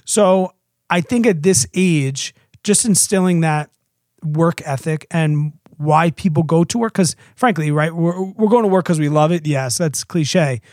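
A man in his thirties co-hosting a casual podcast, chatty, often acting out his young daughter's lines in a squeaky voice. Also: a little slow, a little mellow, no echo, clean studio sound. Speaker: podcast co-host.

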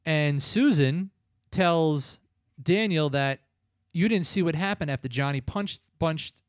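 A film review podcast host casually recaps a movie's plot, rambling through a long retelling packed with filler words. His voice is on the high side and slow, captured in studio quality with no echo.

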